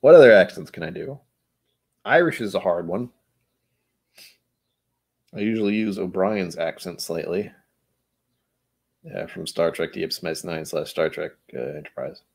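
A man's voice: sits low, measured pace, gravelly, pauses often, darkish tone, husky. A man hosting a whiskey tasting stream, rambling and joking as he talks to his chat. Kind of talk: casual live-stream chat.

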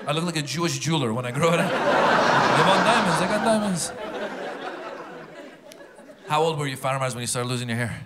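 A man doing a stand-up comedy set, animated and talking straight to the audience in a theater. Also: a little high, fast, pauses often. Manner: animated, talks to the crowd. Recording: loud crowd laughter and noise.

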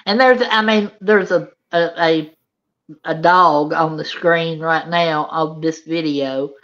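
A woman co-hosts a casual online chat in a fairly low voice. She is agreeable and a little hesitant, often restarting her sentences. Her audio comes through dull and lo-fi. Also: fairly even intonation, slow pace, fairly bright tone. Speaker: co-host.

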